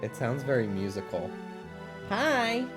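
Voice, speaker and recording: A man's voice: mid-range voice, huge pitch swings, measured pace, over music. A man streaming a video game who chats casually and coos baby talk at his dogs. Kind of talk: casual live-stream chat while gaming.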